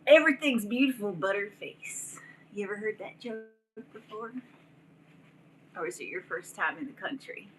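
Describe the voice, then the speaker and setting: A woman's voice: mid-range voice, expressive, normal speed, pauses often, noisy background. A woman hosting a livestream, ranting casually in a profane, rambling way and laughing often. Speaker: livestream host.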